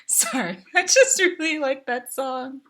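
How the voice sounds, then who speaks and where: Slow, bright-voiced woman thinking aloud. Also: sits high, big pitch swings. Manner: thinking aloud, hesitant with fillers. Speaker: live-stream artist. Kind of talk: casual chat while drawing live.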